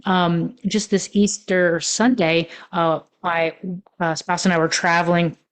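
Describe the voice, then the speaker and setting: A woman's voice: on the low side, level tone, measured pace, clean tone. A woman coaching on relationships in a podcast monologue, telling personal stories in a reflective way with many fillers.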